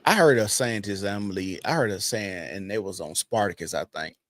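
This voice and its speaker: A man's voice: on the low side, brisk, fairly bright tone, dry recording, studio quality. A man hosting a casual podcast, talking loosely and profanely and laughing often. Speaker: podcast host.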